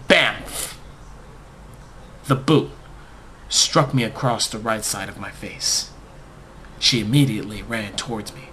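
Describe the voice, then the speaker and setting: Bright-voiced man narrating a comic tale. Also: mid-range voice, slight background noise. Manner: deadpan, overblown storytelling. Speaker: storyteller. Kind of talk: comic first-person narration.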